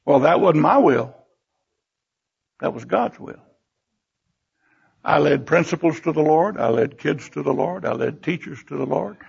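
An older man preaching a sermon in a church. He tells personal stories and bursts into animated exclamations. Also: a little high, measured pace, creaky, pauses often, slightly rough. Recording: dull lo-fi recording.

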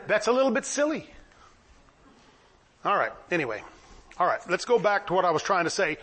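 Animated husky-voiced male preacher. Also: sits high. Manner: animated, acts out the people in the stories. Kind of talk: sermon, storytelling.

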